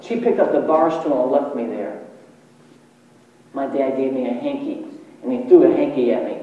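A man's voice: medium pitch, normal speed, long pauses, mellow. A man telling his life story as a sermon testimony, in a storytelling manner with emotional swings, recorded from a distance in a large hall. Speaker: evangelist. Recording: distant echoey hall, muffled.

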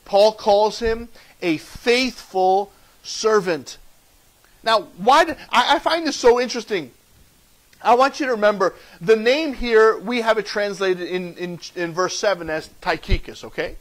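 High-voiced man preaching a sermon. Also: measured pace, rough recording. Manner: emphatic preaching that swings between loud and soft; repeats key phrases for emphasis. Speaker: pastor.

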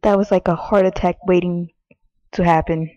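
A woman's voice: lowish voice, fairly even intonation, moderate pace, mellow, dry recording, muffled recording. A young woman with a cold giving casual, swearing gameplay commentary from her bed, exasperated and rambling. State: sick, coughing. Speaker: gaming video creator. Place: bedroom.

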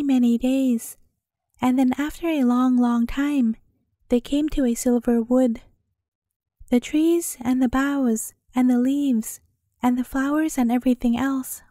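Bedtime narrator: woman, high and mellow, measured storybook reading. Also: no echo, clean studio sound.

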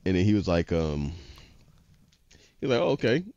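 A man's voice: deep voice, moderate pace, mellow, clear, resonant tone, no room sound, muffled recording. A man casually retelling an anime episode, rambling with lots of "he was like" quotes and frequent laughs. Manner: laughs often. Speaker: podcast co-host.

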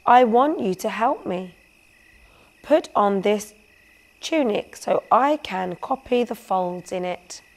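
A woman voicing a boastful, excitable male painter in a storybook, loud and commanding. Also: mid-range voice, slow pace. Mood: instructive.

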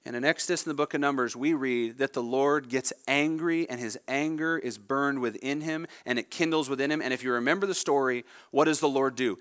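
A male pastor preaching a sermon, expressive, voicing the people in the story as he goes. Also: medium pitch, a little fast, few pauses, clean tone. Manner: expressive preaching with dramatic voiced quotes.

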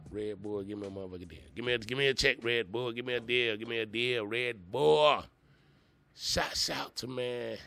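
A man hosting a podcast, telling a story in a rambling, profane, animated way, full of "you know what I'm saying" fillers. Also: fairly low pitch. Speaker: podcast host. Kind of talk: casual storytelling monologue.

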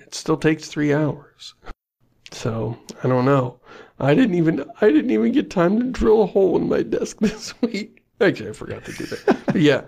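Gravelly-voiced man joking around. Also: on the high side, darkish tone. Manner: jokey, self-mocking, laughs often. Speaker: podcast co-host. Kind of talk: casual chat.

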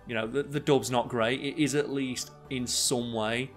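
A man's voice: medium pitch, fairly even intonation, normal speed, soft background music. A young man, co-host of a casual podcast, who rambles with many fillers and restarts. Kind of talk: casual chat.

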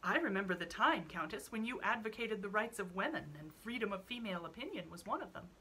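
A woman's voice: mid-range voice, lively intonation, fast, bright, forceful tone, a little hiss or hum, poor audio. A woman reading as a spirited young Victorian lady. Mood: tart.

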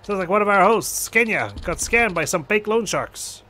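Man voicing a young club manager, brash, chatty, bright voice, game read. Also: sits high, lively intonation, moderate pace, voice pushed up.

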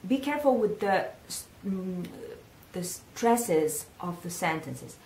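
An Italian woman with an Italian accent teaches singing, giving a pronunciation lesson where she says words slowly so the learner can repeat them. Her voice sits in the mid range and has a sing-song lilt, with a faint hiss or hum in the background.

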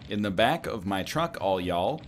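A man's voice: fairly low pitch, animated, moderate pace, faint music behind. A man hosting a casual podcast chat, joking and mock-indignant. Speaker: podcast host.

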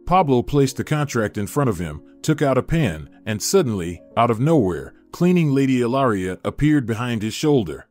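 A man narrating a scripted story in a measured storytelling manner. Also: mid-range voice, sing-song, darkish tone. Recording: dry studio voice with faint music.

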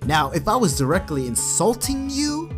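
A man's voice: sits high, moderate pace, over music. A man YouTuber delivering a profane, mocking comedic rant to his viewers. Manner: profane, mocking, animated ranting.

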